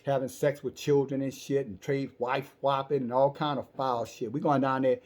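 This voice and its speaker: A man's voice: mid-range voice, little pitch movement, normal speed, darkish tone, natural voice. A man voicing impatient angels who talk bluntly and curse.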